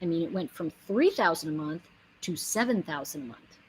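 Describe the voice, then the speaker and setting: A woman's voice: low-pitched, lively intonation, brisk, a little hiss or hum, rough recording. A woman giving a casual motivational monologue, earnest and emphatic, rambling with many asides. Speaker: inspirational speaker.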